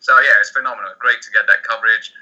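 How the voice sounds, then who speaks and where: A man, a poker player, answering interview questions in a rapid, animated way with many restarts. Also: lowish voice, dull audio.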